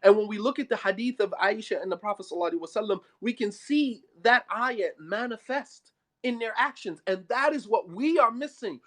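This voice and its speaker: A man's voice: high-pitched, expressive, brisk. A man giving a religious talk on marriage, blunt and emphatic, mixing casual street talk with Arabic phrases. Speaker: Islamic speaker.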